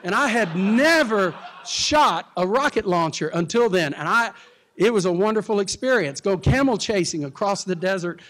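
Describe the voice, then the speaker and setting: A man's voice: high-pitched, animated, normal speed, fairly bright tone. A man from Texas, a pastor, telling a story, laughing often and acting out the other people in it. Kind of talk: storytelling talk.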